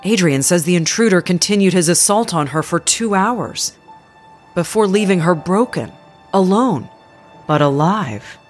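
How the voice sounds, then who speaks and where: A woman narrating a true-crime documentary in a measured, grave storytelling manner. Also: fairly low pitch, animated. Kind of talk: scripted narration. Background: music under narration.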